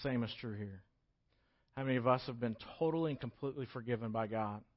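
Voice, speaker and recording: A man preaching a sermon, swinging from loud, urgent pleas to quiet, emphatic pauses. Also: medium pitch. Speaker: pastor. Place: church hall. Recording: dull, lo-fi recording.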